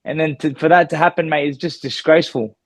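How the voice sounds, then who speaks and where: A man's voice: fairly high pitch, steady tone, quick pace, no room sound. An Australian man, a former boxer, giving a heated, emphatic reaction in an interview. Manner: indignant, emphatic, keeps repeating "mate". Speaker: former boxing world champion, guest.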